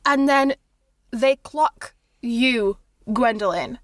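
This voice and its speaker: A woman's voice: on the high side, takes it slowly, no room sound, clean studio sound. A woman narrating a tabletop game as game master in a casual, loose way.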